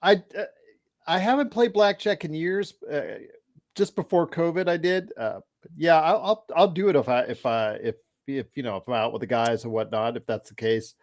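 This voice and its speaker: A man in his forties hosting a casual basketball chat, rambling with restarts and sudden excited outbursts. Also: a little high, moderate pace. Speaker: host of a basketball chat show. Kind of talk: casual live game chat.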